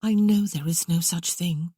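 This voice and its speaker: A woman's voice: on the low side, unhurried, mellow, slightly rough, no echo, clean studio sound. A woman voicing a spirited, curious young Regency lady who talks in a playful, wondering way. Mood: wistful.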